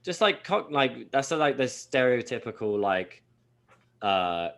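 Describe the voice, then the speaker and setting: A man's voice: medium pitch, very animated, measured pace, creaky, fairly bright tone. Man, podcast co-host, casual chat, rambling, lots of filler words, swearing.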